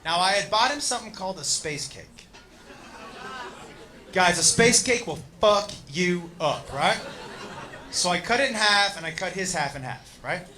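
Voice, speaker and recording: Brash, high-voiced stand-up comedian. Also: male voice, expressive, a little slow, pauses often, pushed and bright, a faint crowd. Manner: brash, profane, punchy delivery. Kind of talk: stand-up storytelling.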